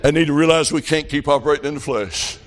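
A man's voice: fairly high pitch, quick pace. A man preaching a revival sermon, telling folksy country stories with fervent emphasis. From rural farm upbringing.

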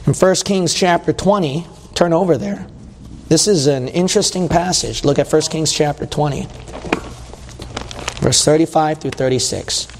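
A man with a high voice preaches a sermon with long reverb trailing each phrase. He sounds emphatic and conversational, hammering his points home through repetition. The sound carries like a church sanctuary. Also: moderate pace, slight background noise.

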